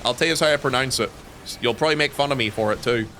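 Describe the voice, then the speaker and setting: A young man from Northern Ireland with a softened Northern Irish accent, chatting and joking casually with his stream viewers. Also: medium pitch, quick pace, soft background music.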